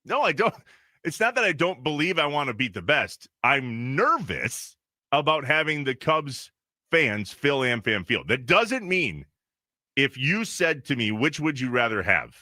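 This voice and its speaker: Man, sports radio co-host, lively pitch, bright voice, dry studio sound. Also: no room sound. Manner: animated, ranting, quick bursts. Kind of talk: casual sports talk radio. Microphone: studio microphone.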